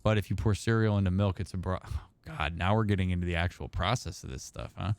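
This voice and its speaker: Chatty low-voiced man reading stream chat. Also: fast talker, clean tone, no room sound. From Indiana. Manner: chatty, answers chat messages as they come. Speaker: therapist streamer. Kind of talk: casual livestream chat while gaming.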